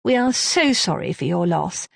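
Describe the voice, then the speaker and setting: A woman's voice: lowish voice, big pitch swings, moderate pace, vocal fry, no room sound, studio quality, heavily acted. A woman voicing a blunt, brash middle-aged private detective. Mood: brisk.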